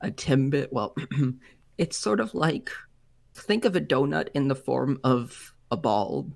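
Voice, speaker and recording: A man chats as a guest in a casual reaction video. His voice sits at a mid pitch, and he keeps his talk relaxed and joking. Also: slow pace, gravelly.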